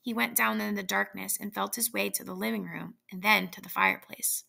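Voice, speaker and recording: A woman reading a classic short story aloud in a measured storytelling manner. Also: medium pitch, steady tone, gravelly, bright, forceful tone. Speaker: reader.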